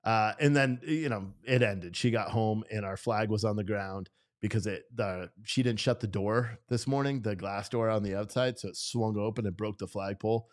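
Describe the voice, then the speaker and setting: A man's voice: on the low side, moderate pace. A man hosting a casual livestream, ranting at chat comments with heavy swearing and laughing at himself. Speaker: livestream host reading chat. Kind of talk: casual unscripted livestream talk.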